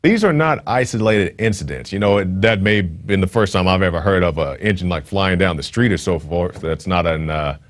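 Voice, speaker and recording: Casual low-voiced man commenting on news. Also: fairly quick, few pauses. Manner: casual, conversational, with frequent fillers. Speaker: host. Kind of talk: reading and commenting on news stories.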